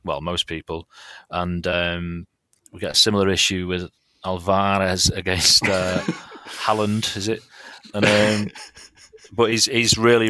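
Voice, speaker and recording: A man's voice: fairly low pitch, sharp tone, no room sound. A man with a Mancunian accent, an enthusiastic fan gushing about a player in casual podcast chat.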